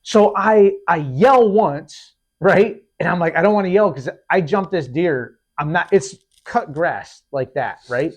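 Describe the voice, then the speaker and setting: A man hosting a podcast, telling a hunting story in a lively, casual way, acting out what people said and often restarting his sentences. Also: fairly high pitch, unhurried, few pauses. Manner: animated, acts out quotes, repeats and restarts. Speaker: podcast host.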